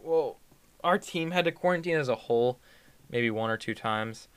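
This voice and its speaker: A man's voice: mid-range voice, lively intonation, normal speed, clean tone, dry recording. A teenage boy chatting casually in an interview, rambling with many fillers and restarts. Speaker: student athlete guest.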